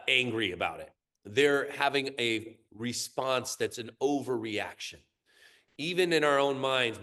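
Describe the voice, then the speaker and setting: In a workshop setting, a middle-aged man teaching qigong talks through a slow breathing drill and counts each step. His mid-range voice stays calm and measured.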